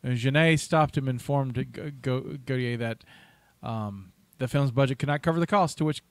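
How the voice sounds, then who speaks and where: A man's voice: mid-range voice, normal speed, clear, resonant tone, no echo. A man co-hosting a casual movie podcast, reading out trivia in a chatty way, restarting his sentences and laughing at his own asides.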